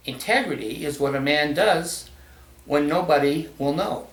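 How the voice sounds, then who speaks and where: A man's voice: on the high side, measured pace, distant mic. A middle-aged man ranting to camera in a blunt, profane, bitterly sarcastic way. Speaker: vlogger. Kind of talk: angry personal rant to camera. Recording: echoey room, set back from the mic.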